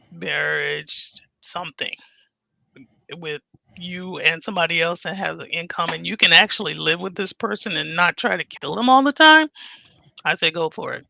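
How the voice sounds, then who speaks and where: A woman in her fifties chatting frankly as a podcast co-host, telling stories with animated, acted-out dialogue. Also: low voice, vocal fry, no room sound. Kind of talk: casual chat.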